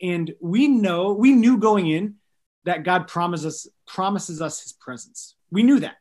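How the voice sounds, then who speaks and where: A man in his thirties, a missionary guest on a podcast, telling stories in an earnest, animated way with light jokes. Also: high-pitched, a little slow. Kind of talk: storytelling in a podcast interview.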